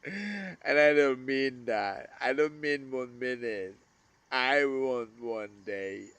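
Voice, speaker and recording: A man vlogging an emotional, rambling monologue about missing his brother, swearing and swinging between loud outbursts and hushed murmurs. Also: medium pitch, slow, clean tone.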